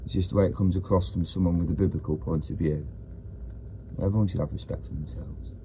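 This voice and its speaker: A man's voice: sits low, steady tone, fast, dark tone, slight background noise. A man, ranting in a rambling casual video monologue, often breaking off mid-sentence. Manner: rambling, self-interrupting rant. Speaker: vlogger.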